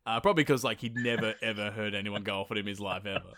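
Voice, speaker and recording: A man casually retelling a myth on a comedy podcast, animated and laughing as he goes. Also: on the low side, rapid-fire. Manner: animated, laughing, slips into silly voices.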